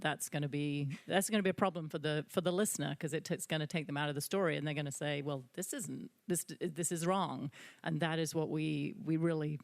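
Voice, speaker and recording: A woman's voice: low voice, no room sound. A woman audiobook publisher speaking on a panel in a chatty way, with many "you know" fillers. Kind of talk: panel discussion.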